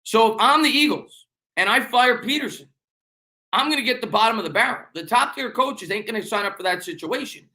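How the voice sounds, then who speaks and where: High, bright-voiced New York man chatting. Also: lively intonation. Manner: fast, rambling, repeats himself, joking banter. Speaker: sports YouTube live-stream host. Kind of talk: casual live-stream chat reading viewer comments.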